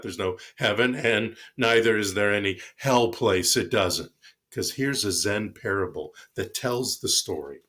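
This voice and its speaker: A man's voice: on the low side, a bit bright, slightly rough. A man preaching a reflective sermon as pastor, telling stories. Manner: reflective, storytelling.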